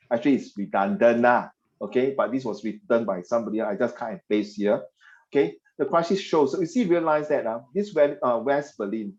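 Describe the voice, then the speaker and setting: Animated man teaching history online. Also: medium pitch, muffled recording. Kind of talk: online class lecture.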